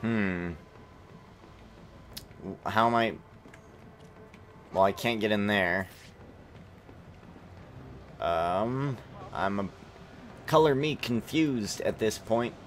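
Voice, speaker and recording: A young man casually commenting while playing a video game, chatty, excitable and self-mocking. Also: lowish voice, very slow, pauses often, slight background noise. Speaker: gaming commentator. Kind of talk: casual let's-play commentary.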